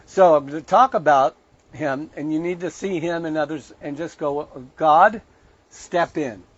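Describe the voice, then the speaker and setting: A man leads an online show in a conversational sermon style. He reads scripture aloud and breaks in with pointed, emphatic asides. His voice sits slightly high for a man, and the recording sounds a little muffled and lo-fi. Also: moderate pace. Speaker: online preacher and show host.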